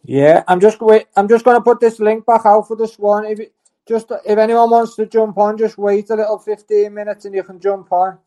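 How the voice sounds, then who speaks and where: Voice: mid-range voice, steady tone, normal speed, mellow. Laid-back live stream host. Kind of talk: casual live stream chat.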